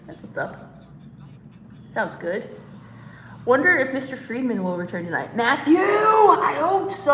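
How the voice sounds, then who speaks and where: A woman's voice: a little high, pushed and bright, echoey room, long reverb tail, slight background noise, low-quality recording. A woman hosting a casual live stream, rambling, giggling and reading chat comments aloud. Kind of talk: casual watch-along chat.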